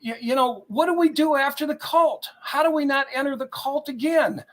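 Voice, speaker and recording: A man's voice: very high voice, normal speed. A man speaking as a guest on a call-in talk show, telling a personal story in an earnest, heartfelt way and repeating words as he searches for them. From United States.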